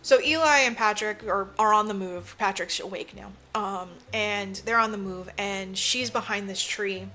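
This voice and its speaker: A woman's voice: mid-range voice, moderate pace, hardly any pauses, pushed and bright, faint music behind. A woman co-hosting a podcast, casually recapping a film and acting out the characters' lines, with plenty of fillers and swearing. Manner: swears freely, lots of "like" fillers. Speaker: podcast co-host. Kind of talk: casual movie recap chat.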